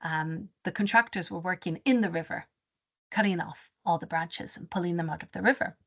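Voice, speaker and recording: A woman presenting a webinar as a rainforest advisor. She tells her story in an animated way and often restarts her sentences. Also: fairly low pitch, brisk, creaky, slightly rough. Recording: dull lo-fi webinar audio.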